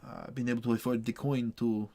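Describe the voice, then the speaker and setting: A man voicing a meek, earnest male priest in a tabletop game, speaking haltingly with frequent stammers. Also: medium pitch, level tone, very noisy, lightly acted. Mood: hesitant.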